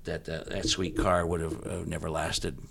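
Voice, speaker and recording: A man's voice: normal speed, gravelly, noisy background. A middle-aged man hosting a podcast, chatting casually and telling stories about his school years. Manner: storytelling, breaks into excited high-pitched yelps when quoting. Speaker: podcast host.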